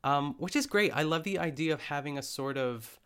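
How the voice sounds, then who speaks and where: A man's voice: on the high side, a little fast, fairly bright tone, clean tone. A young man casually recapping a cooking show, rambling and correcting himself with lots of fillers. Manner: rambling, chatty, self-correcting with frequent fillers. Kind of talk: casual chat.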